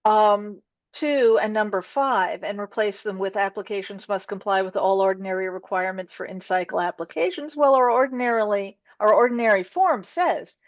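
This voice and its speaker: Quick-talking woman on dull, dry audio. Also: medium pitch, no room sound. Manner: quick, talks over others to make her point. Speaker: committee member. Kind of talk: committee meeting discussion.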